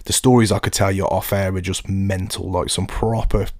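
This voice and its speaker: A man's voice: low-pitched, steady tone, moderate pace, no room sound, clean studio sound. A man, hosting a podcast and chatting casually, often asking "do you know what I mean". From England. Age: 30s. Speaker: podcast host. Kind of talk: casual chat.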